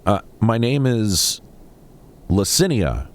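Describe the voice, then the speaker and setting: A man reading aloud the lines of a frightened young woman survivor in a video game, in a halting, hushed delivery. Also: on the low side, big pitch swings. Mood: haunted.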